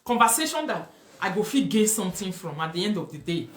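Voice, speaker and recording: A woman's voice: mid-range voice, very animated, quick pace, echoey room. A woman with a Nigerian accent hosting a live talk show. She reads viewer comments and makes emphatic, preachy points, mixing Pidgin and English and repeating herself.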